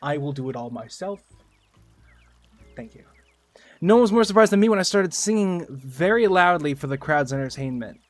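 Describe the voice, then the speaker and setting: Man, streamer, casual rambling chat, slightly high voice, crude jokes, faint music behind. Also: animated, normal speed, long pauses, dry recording. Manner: rambling, joking, profane. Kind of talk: casual gaming livestream chat.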